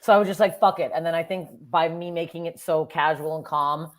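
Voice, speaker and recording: A Canadian woman with a low voice talks fairly quickly as a comedian guest on a podcast. She tells stories casually, swears freely, and puts on animated voices when quoting people.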